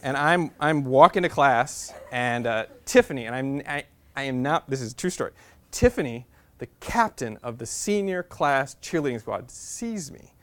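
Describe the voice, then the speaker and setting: A man in his thirties, mid-range in pitch and speaking at normal speed with lively intonation, is a guest speaker in a university class. His talk is funny, self-deprecating personal storytelling, chatty and heavy on "like."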